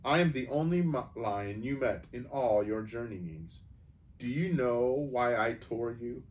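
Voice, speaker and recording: A man voicing a great, wise, gentle male lion who speaks solemnly and in a measured way, in a storybook read-aloud. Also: mid-range voice, lively intonation, lo-fi sound, lightly acted.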